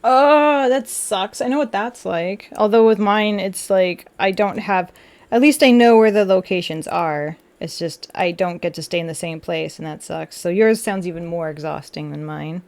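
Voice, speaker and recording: A young woman streamer chatting casually while building a model kit, animated and full of quoted back-and-forth. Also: mid-range voice, normal speed. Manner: chatty and animated, with frequent laughs and quoted dialogue.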